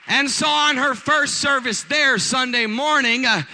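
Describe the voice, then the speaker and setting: A male pastor telling a story in a sermon to his church, animated and joking, rising to shouts. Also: very high-pitched, measured pace, in a large hall, some chatter behind.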